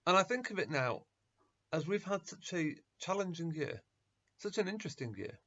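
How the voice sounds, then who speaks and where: A middle-aged man, a rabbi, telling a story at an assembly in an earnest, measured way, on a dull lo-fi recording. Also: sits high, very animated, sharp tone. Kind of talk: storytelling talk at a school assembly.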